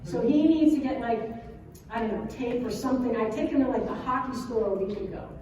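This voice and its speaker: A high, mellow female voice carries through a big echoing hall, heard from a distance with faint background hum. She is an educator in her thirties, telling stories in a chatty, animated way and checking in with the audience as she goes. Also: brisk. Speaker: educator giving a conference talk. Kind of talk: conference talk with storytelling. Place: large hall at an educators' conference. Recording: echoey hall from far off.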